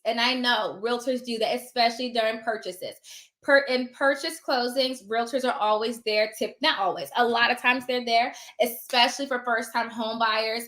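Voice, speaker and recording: A woman's voice: on the high side, bright, forceful tone. Emphatic sassy woman in an echoey room. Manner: emphatic and sassy, acts out her exchanges. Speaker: notary loan signing agent. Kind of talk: casual advice monologue.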